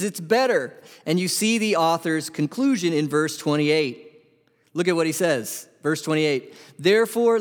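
A man preaching a sermon as pastor, animated and asking his congregation questions. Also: fairly high pitch. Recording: long hall reverb.

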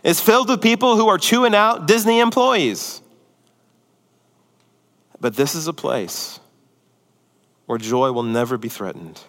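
A pastor preaching a sermon, a man who swings between loud, excited emphasis and hushed, near-whispered lines. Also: mid-range voice, in a large hall.

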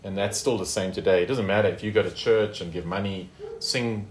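Man, low voice, Bible study teacher, conversational, tag questions, echoey room. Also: fairly even intonation, fast talker, darkish tone, slight background noise.

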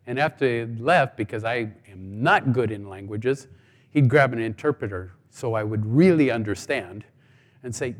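A man's voice: mid-range voice, normal speed. A middle-aged man giving a sermon testimony, telling stories and acting out the dialogue with humor. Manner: storytelling, acts out dialogue with humor. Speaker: guest speaker. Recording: long hall reverb.

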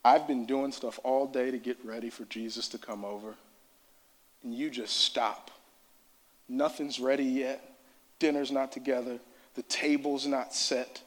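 A man's voice: medium pitch, steady tone, unhurried. A man preaching a sermon in a church service, impassioned and repetitive.

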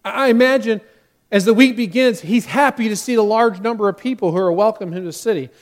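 A man's voice: high-pitched, a little fast. A man preaching a sermon as pastor, talking directly to his congregation and acting out quotes with rising force.

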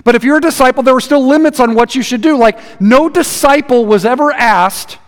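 Male preacher with a high voice, casual and lively, acts out the verses; long room reverb. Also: fairly quick. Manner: conversational, animated, acts out scripture quotes. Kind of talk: sermon.

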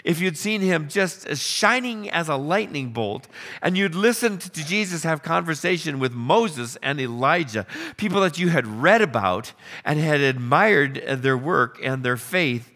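A man preaching a sermon, telling the story with animated questions and acted-out lines. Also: fairly high pitch, a little slow. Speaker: pastor.

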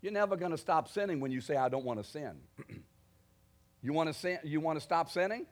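A man preaching a sermon, asking his congregation direct questions and building to forceful declarations. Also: fairly high pitch, animated, a little fast. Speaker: pastor.

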